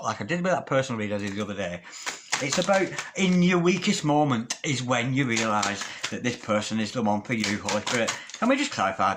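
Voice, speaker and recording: A man's voice: medium pitch, noisy background. Male tarot reader, intimate and theatrical delivery. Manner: intimate, calls the listener darling, dramatic asides. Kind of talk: tarot reading to camera.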